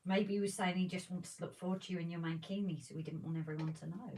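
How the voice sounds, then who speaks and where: A woman's voice: lowish voice, fairly even intonation, fast, warm tone. A woman co-hosting a livestream in casual, teasing chat while she works on a model. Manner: chatty, teasing banter. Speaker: co-host of a model railway livestream. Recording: distant mic with faint noise.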